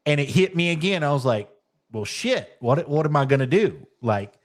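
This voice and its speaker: A man's voice: on the high side, normal speed. Chatty man telling a story. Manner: animated, swears casually, says dude. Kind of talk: casual storytelling chat.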